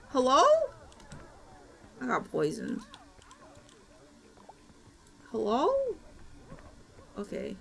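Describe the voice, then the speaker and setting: A woman's voice: sits high, big pitch swings, normal speed, pauses often, a bit bright. A woman streaming gameplay with friends, talking in a dramatic, playful way and breaking into mock-panicked shrieks and wails.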